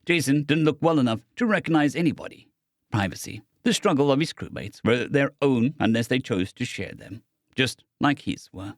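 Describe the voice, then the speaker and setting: A man reading a science fiction audiobook as narrator, in a steady storytelling manner. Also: mid-range voice, normal speed, no echo, clean studio sound.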